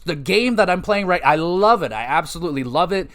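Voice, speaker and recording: A young Canadian man hosting a podcast, reviewing a game in casual, excited chat, swearing freely and briefly mimicking characters. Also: on the high side, quick pace, few pauses. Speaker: podcast host.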